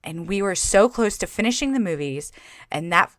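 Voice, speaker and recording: A woman hosting a podcast, telling a story in casual chat with animated, profane delivery. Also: mid-range voice, normal speed, no room sound, studio quality. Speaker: podcast host.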